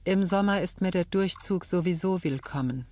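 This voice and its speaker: A low-voiced, teasing landlady from 1899, voiced by a woman for a detective game. She scolds gently and playfully, keeping her tone deep and settled. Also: moderate pace, dry recording, close to an everyday voice. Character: teasing middle-aged German landlady, 1899. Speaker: game character.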